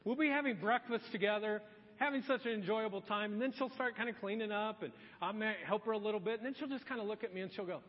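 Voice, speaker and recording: High-voiced man preaching a casual sermon. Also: fast, big-room sound, muffled recording. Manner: casual, joking storytelling. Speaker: pastor.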